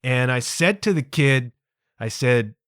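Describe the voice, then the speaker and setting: Male podcast host, 50s, exasperated, self-mocking storyteller, animated delivery, dry sound. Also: mid-range voice, a little slow, clean tone, dry recording. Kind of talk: comedic storytelling monologue.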